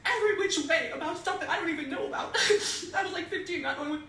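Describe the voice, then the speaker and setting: A woman's voice: extremely high pitch, fast talker, fairly bright tone. A young woman on a livestream, tearful and laughing nervously as she rambles. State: tearful, laughing through tears. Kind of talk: emotional livestream confession. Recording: distant roomy phone livestream.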